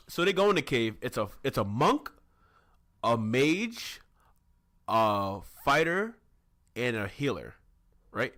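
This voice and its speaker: Animated man recapping an episode. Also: mid-range voice, unhurried. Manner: animated storyteller acting out scenes with silly voices. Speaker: podcast co-host. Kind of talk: casual chat recapping an anime episode.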